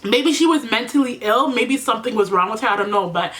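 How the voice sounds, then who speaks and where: Woman vlogger talking to "you guys", lots of "like", emotional and teary, kinda high voice. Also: animated, fairly quick, a bit bright. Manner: chatty, fills with "like", speaks to viewers as "you guys"; emotional, close to tears. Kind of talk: emotional get-ready-with-me storytelling.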